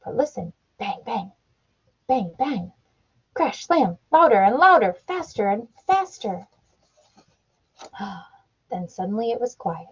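A woman, a mother, reading a picture book aloud to her child at home, animated and playing up the sound effects. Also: a little high, slow pace, pauses often, breathy edge. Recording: dull lo-fi home recording.

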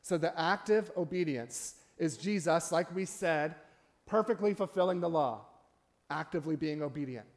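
A man's voice: fairly high pitch, lively intonation, moderate pace. Man preaching with a conversational lilt. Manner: conversational preaching, frequent "right?" asides. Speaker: pastor. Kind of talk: sermon. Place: church sanctuary.

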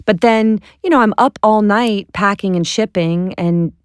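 Lively woman telling stories, dry sound. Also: mid-range voice, a little slow, clean tone, dry recording. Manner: lively, self-deprecating, laughs often while telling stories. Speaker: entrepreneur guest. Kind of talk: animated storytelling in an interview.

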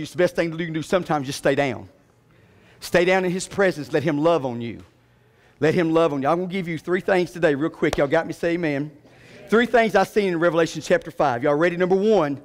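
A man preaching a sermon, dropping to low murmurs and rising to loud, high calls. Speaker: pastor. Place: church sanctuary. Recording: long church reverb.

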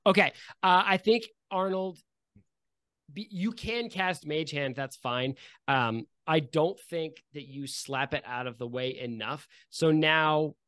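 A man's voice: on the high side, fairly bright tone, dry recording. A man running a tabletop game as game master, narrating loosely with many fillers.

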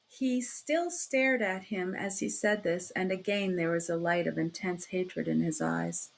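A woman narrating a classic novel as an audiobook in a steady, measured storytelling manner. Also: lowish voice, vocal fry. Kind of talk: audiobook reading.

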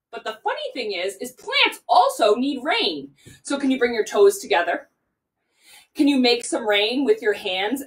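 A woman's voice: on the high side, fairly bright tone. A woman guiding a children's yoga class, playful and sing-song, talking straight to the kids. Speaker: kids' yoga teacher. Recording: roomy echo, mic far off.

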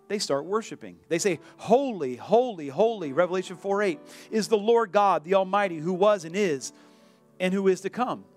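A male pastor preaching a sermon in a church, animated, acting out the voices of the people in his story. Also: sits high, moderate pace, soft background music. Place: church sanctuary.

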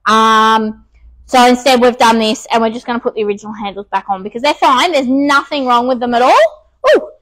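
A woman's voice: fairly high pitch, a little fast, a bit bright, poor audio. A woman with an Australian accent, out of breath, chatting casually with many ums while restoring furniture on a live stream.

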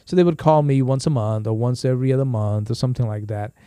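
A man's voice: medium pitch, fast talker, smooth, no echo, clean studio sound. A middle-aged man, a pastor hosting a podcast, chatting casually and acting out voices as he tells stories. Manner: animated storyteller who acts out voices in quotes. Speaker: pastor and show host. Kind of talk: casual podcast chat with storytelling.

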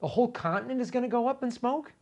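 A middle-aged man hosting a political commentary show, talking in an animated, indignant way with emphatic repetitions. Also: very high voice, quick pace, a little hiss or hum.

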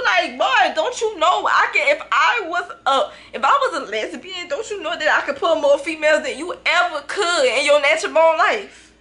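A young woman from Louisiana with a Creole accent, vlogging in an animated, laughing, playfully indignant way. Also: sits high, normal speed. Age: young adult. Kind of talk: casual chat to viewers and strangers on a video app.

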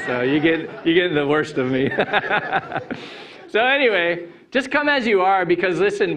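A man pastoring a church congregation speaks into a handheld mic, his voice sitting somewhat high for a man. He is relaxed and playful, swinging from loud, lifted lines to low, quiet ones. He is middle-aged and preaches in a sanctuary. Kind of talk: Easter sermon with a joke.

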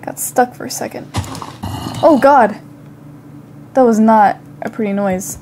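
A woman's voice: a little high, measured pace, warm tone, a little hiss or hum. Chatty young woman narrating her gameplay. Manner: chatty, talks to herself, bursts into panicked outcries. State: slightly sick, occasional cough. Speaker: gaming channel host. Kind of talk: casual gameplay commentary.

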